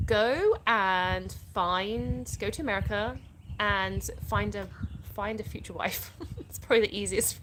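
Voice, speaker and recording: A woman's voice: mid-range voice, a bit bright, a little hiss or hum. An English woman hosting a casual live stream, reading viewers' questions aloud and answering them chattily. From England (born in the US). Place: outdoors in the sun.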